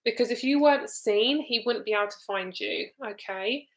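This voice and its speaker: A woman's voice: on the high side, normal speed. A young woman giving a casual live card reading to viewers, chatty and loose, with frequent ums and casual swearing. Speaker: tarot reader.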